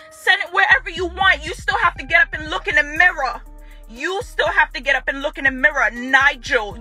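A woman's voice: sits high, bright, forceful tone. A woman speaking straight to the camera about her ex-partner, confrontational and repeating her own phrases for emphasis. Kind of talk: direct address to camera.

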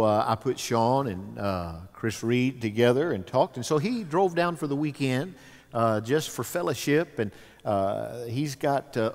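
Host pastor, male, average pitch, halting folksy delivery; long church reverb. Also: creaky. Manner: folksy, with many "uh" pauses and "amen". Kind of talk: stage interview. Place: church sanctuary. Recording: long reverb of a large hall.

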